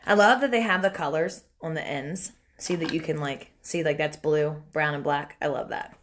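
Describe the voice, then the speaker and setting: A woman's voice: low voice, moderate pace, hardly any pauses, a little hiss or hum. A young woman chatting casually through a makeup tutorial on a phone livestream, talking to viewers and family as she works. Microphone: phone camera.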